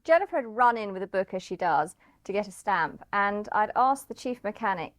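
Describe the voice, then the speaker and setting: A woman recounting a car rally, telling the story in an animated, anecdotal way. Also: mid-range voice, brisk, no echo. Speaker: rally participant. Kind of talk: storytelling interview.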